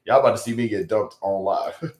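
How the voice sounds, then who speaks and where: A man with a lowish voice talks casually on a live stream, rambling and poking fun at himself. The sound is roomy and echoey. He reads viewer comments aloud. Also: a little fast, a little mellow. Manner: rambling and self-mocking. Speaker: live streamer reading chat. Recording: echoey room.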